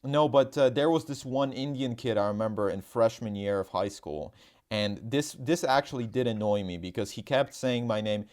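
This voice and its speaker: A young man chatting casually on a podcast, telling rambling stories at an easy pace. His voice sits at an ordinary middle pitch. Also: moderate pace, a little mellow. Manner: laid-back, rambling storytelling. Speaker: podcast co-host.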